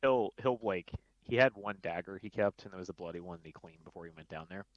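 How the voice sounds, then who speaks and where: A man's voice: low voice, fast talker, no echo, highs cut off. A man playing a tabletop game, talking hesitantly with many fillers. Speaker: player. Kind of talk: casual game chat.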